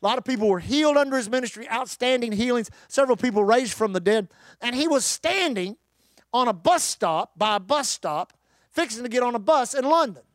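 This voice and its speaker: An emphatic preacher delivering a sermon and urging his congregation to respond. His voice is unusually high for a man. It is recorded close and dry, with no echo. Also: expressive, fairly quick.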